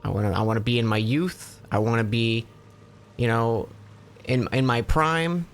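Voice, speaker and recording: An eager young man making a wish, played by a man telling a joke, earnest and repeating himself as he stumbles. His voice is mid-pitched, and there is faint background noise. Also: normal speed, natural voice.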